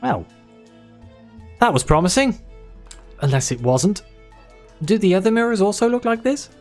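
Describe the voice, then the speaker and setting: A man's voice: high-pitched, big pitch swings, moderate pace, soft background music. A man reading an interactive fiction game aloud, adding wry, chatty asides as he plays. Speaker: let's play host.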